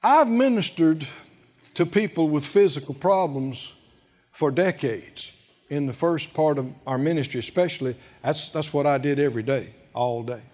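A male preacher delivering a sermon in an animated way, chuckling often and stretching words for emphasis. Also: fairly high pitch, normal speed.

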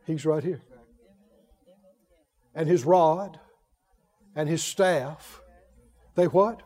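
A man preaching a sermon, leading the congregation in call-and-response and rising to shouted, drawn-out declarations. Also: a little high, long reverb tail. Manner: leads the congregation to repeat lines.

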